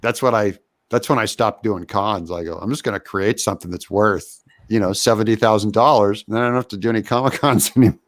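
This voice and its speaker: A man's voice: on the low side, fast talker. A male guest in a casual podcast chat, joking dryly and thinking aloud. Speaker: guest, comic creator.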